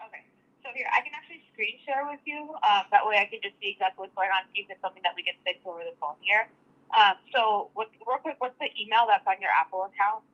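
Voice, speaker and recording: A woman working as a tech support agent on a call, chatty and loose with filler words. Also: mid-range voice. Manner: quick, chatty, full of "like" and "I mean". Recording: dull lo-fi phone line.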